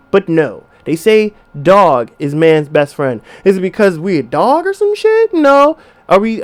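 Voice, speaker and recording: A young man with a high voice talks straight to his listeners in a loose podcast monologue. He swears freely and slips into voices of the people he describes, and his delivery stays casual and animated. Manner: profane, animated, acts out quoted voices. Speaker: podcast host.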